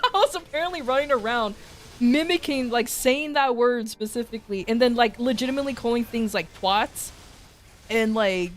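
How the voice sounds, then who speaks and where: A woman's voice: on the high side, moderate pace, slight background noise. A woman with an American accent chatting casually on a stream, rambling through a story, swearing freely and laughing often. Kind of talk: casual chat.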